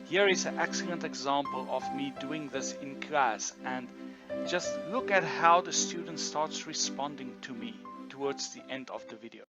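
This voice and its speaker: A man's voice: medium pitch, moderate pace. A man giving a voice-over narration explaining a teaching method in a plain tone. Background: music.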